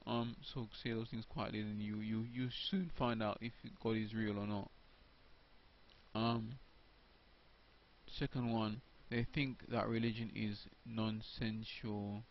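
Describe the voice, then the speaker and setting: A male video blogger with a lowish, flat, slightly slow voice speaks off the cuff to camera about faith. He stumbles, restarts, repeats words and fills gaps with ums, in a dull lo-fi home recording with faint hiss.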